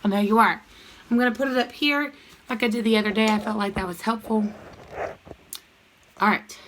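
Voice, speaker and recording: A woman's voice: a little high, fairly even intonation, fairly quick, fairly bright tone, a little hiss or hum. A woman teaching an online math lesson to young children, cheerful and sing-song, breaking into short rhymes.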